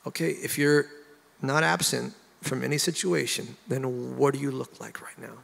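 A man, a pastor, sharing his testimony in an animated, emotional way and getting loud at the high points. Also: normal speed, vocal fry, big-room sound. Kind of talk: candid conversational testimony.

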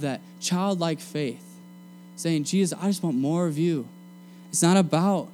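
A young man preaching a sermon to a room of students in a casual, energetic, slangy way. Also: on the high side. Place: meeting room.

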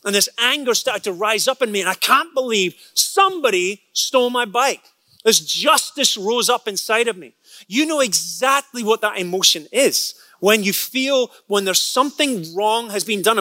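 A man's voice: sits high, dry recording. A man preaching a sermon, telling a personal story, often repeating words as he builds, and acting out what people said. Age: adult, past college age. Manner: storytelling, repeats words when excited, acts out quotes.

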